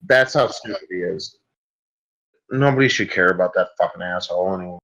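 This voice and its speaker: A man's voice: low-pitched, brisk, fairly bright tone, muffled recording. A man hosting a solo podcast, delivering a rambling, crude comic rant full of swearing. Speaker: podcast host.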